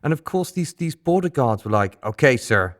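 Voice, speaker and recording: A man's voice: fairly high pitch, moderate pace. A man, a band member, telling tour stories in a casual podcast chat, acting out the people he quotes. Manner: animated anecdotes with acted-out quotes.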